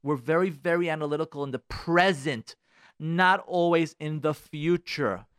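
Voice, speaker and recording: A man hosting a radio show, giving advice in an animated monologue. He talks emphatically, repeats his phrases and acts out the thoughts of the people in his stories. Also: fairly high pitch, normal speed, clean tone, dry recording, studio quality.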